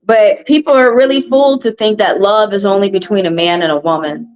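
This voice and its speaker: A woman runs her tarot live stream with a casual, blunt monologue. She preaches and swears freely, and she hammers her points home by repeating them. Her voice sits in an ordinary middle pitch. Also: brisk, faint music behind, rough recording. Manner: blunt, preachy and profane, repeating phrases for emphasis.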